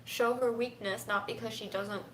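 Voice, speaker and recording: A young woman speaking softly and haltingly, close to tears, in a personal livestream from home. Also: on the high side, fairly even intonation, a little hiss or hum. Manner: soft, halting and tearful, often near a whisper. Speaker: vlogger. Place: home room. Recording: echoey room with faint ambience.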